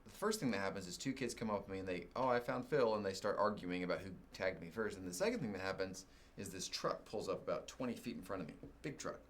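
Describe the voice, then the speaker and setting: A man with a fairly low, grounded voice delivers a sermon as a story. He is animated, and his voice leaps sharply upward when he is exasperated before settling back down. He sounds middle-aged and folksy. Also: fast, few pauses. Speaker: preacher.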